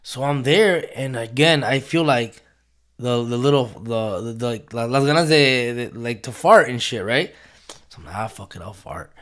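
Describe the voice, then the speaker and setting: A man's voice: medium pitch, moderate pace, fairly bright tone. A young man telling a rambling, profane story in a casual way, slipping into Spanish phrases.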